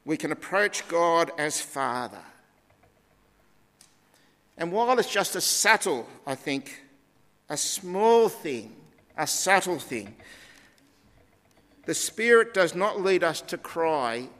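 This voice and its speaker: A man delivers a sermon at an unhurried, deliberate pace, his slightly raised voice stressing key words as he teaches. A long reverb trails each phrase, as if he speaks in a large hall. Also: a little high, big pitch swings, a bit bright. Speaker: preacher.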